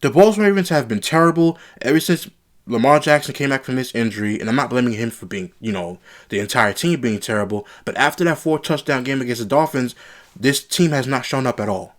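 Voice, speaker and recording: A man's voice: medium pitch, a little fast. A man giving a casual, frustrated sports reaction, often repeating himself as he gets worked up. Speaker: sports commentary vlogger.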